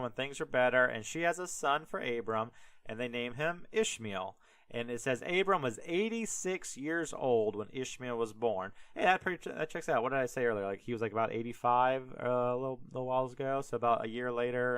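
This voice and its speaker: A young male podcast host retells scripture in an irreverent, rambling style, full of fillers and asides. His voice is bright and smooth, and the recording is close and dry with no room sound. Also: medium pitch, animated, moderate pace, no room sound.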